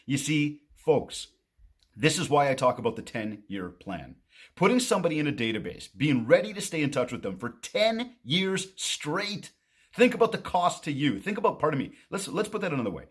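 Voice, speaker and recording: A man who coaches on marketing, telling a story to camera in a casual, animated way and acting out both sides of a conversation. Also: on the high side, normal speed, breathy edge.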